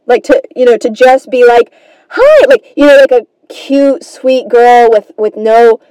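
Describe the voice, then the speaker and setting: A woman's voice: on the high side, steady tone, unhurried, warm tone, smooth, no echo, poor audio. A woman hosting a comedy podcast, telling a rambling, self-deprecating story in a casual monologue and swearing freely.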